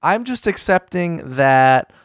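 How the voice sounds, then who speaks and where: A man hosting a podcast who talks in a measured, reflective way, often pausing with fillers as he works through his thoughts. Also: a little high, animated, smooth, no echo, studio quality. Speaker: podcast host. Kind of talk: casual podcast conversation.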